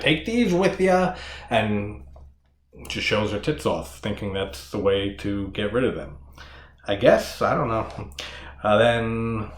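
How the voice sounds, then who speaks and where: Male horror reviewer, loose and profane, slightly low voice, roomy echo. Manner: rambling, profane, laughs often. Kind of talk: casual solo movie discussion. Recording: echoey room.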